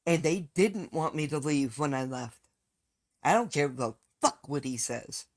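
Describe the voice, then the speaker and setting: A woman's voice: sits low, expressive, unhurried, a little mellow. A woman streaming live, talking bluntly and with heavy profanity as she rants straight to her viewers. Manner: fired-up ranting to viewers. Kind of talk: casual live-stream chat.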